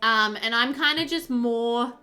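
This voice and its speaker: A woman chatting casually on a live stream while she plays a game, excitable and full of fillers, answering her chat as she goes. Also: a little high, a little slow, soft background music.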